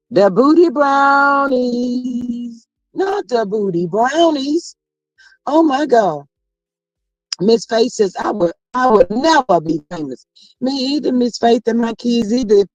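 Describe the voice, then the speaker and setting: A woman hosts a casual livestream in a gossipy, expressive voice of middle pitch. She reads viewer comments aloud and reacts with frequent exclamations. The sound is dry and close, with faint music underneath. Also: no echo, highs cut off. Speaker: livestream host.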